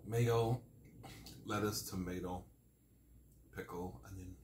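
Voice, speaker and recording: Guy in his 40s doing a mukbang, lowish voice, talks with food in his mouth, echoey room. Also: steady tone, slow pace, a little mellow, slight background noise. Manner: rambling, talks with mouth full. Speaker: mukbang vlogger. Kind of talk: casual chat while eating.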